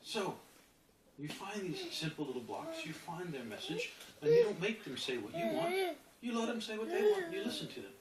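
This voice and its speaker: Animated self-help teacher in an echoey room. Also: mid-range voice, moderate pace, over a noisy crowd. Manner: animated, acts out inner voices, keeps asking "right?". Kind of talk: spoken self-help lesson. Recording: roomy distant mic with background noise.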